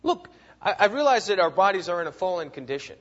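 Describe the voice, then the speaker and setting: A man teaching a Bible class, lecturing in an animated, emphatic way, often repeating words and checking in with "right?", on a dull, lo-fi recording. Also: high-pitched, quick pace.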